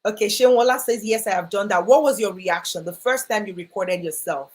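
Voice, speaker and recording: A woman's voice: medium pitch, fairly quick. A woman speaking at a live online workshop, encouraging and repetitive, reading viewers' comments aloud. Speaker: voice coach speaker.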